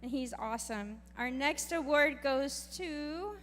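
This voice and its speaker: A woman's voice: high voice, slow, fairly bright tone. A woman who teaches fifth and sixth grade presenting awards at a graduation, praising each student. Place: graduation ceremony hall. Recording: reverberant hall, faint crowd.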